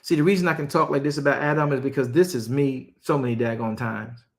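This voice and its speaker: A man preaching a sermon at a medium pitch, reading scripture in slow, deliberate phrases. He breaks into casual, slangy asides between verses. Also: fairly even intonation.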